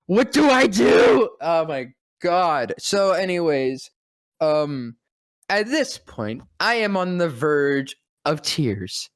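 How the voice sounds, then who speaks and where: A voice actor telling a breathless, profane, self-mocking story on a podcast. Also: male voice, a little high, no room sound, clean studio sound. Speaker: voice actor and guest. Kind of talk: excited anecdote telling.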